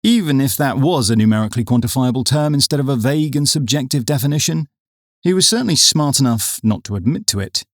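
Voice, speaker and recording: A man reading a comic audiobook with wry, deadpan storytelling. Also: medium pitch, fast talker, dry recording, studio quality. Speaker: audiobook narrator.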